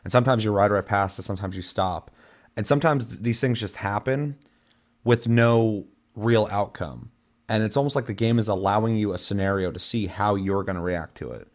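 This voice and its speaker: A young man with a fairly low voice talks casually on a podcast. He rambles through his stories, swears freely and leans on filler words. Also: a little fast. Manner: rambling, profane storytelling with many fillers. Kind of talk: casual chat.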